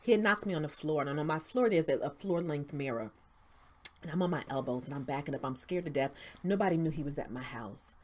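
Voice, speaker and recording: A woman telling her personal story as an interview guest, earnest and faith-driven, sometimes dropping to a hush. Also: deep voice, fairly quick. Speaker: interview guest, founder of a women's outreach.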